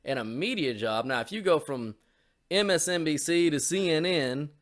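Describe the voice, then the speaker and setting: A man's voice: on the high side, lively intonation, normal speed. A man co-hosting a podcast in a crude, rambling, profanity-heavy casual chat. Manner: crude, rambling, lots of swearing. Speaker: podcast co-host.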